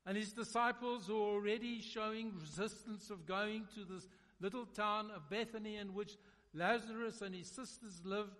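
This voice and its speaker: A man preaching a sermon, dramatic, swinging between loud emphasis and hushed, quiet lines. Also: high voice, fairly even intonation, normal speed. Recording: long reverb of a large hall.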